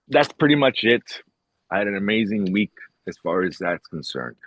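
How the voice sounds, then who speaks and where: Husky low-voiced man in casual chat. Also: big pitch swings, a little slow, fairly bright tone, dry recording, rough recording. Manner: rambling, retells conversations, swears casually. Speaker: podcast co-host.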